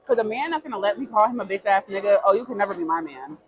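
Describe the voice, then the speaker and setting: A young adult woman co-hosting a casual chat, telling a lively story, swearing freely and acting out the people she quotes. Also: medium pitch, rapid-fire, crowd noise, low-quality recording. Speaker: podcast co-host.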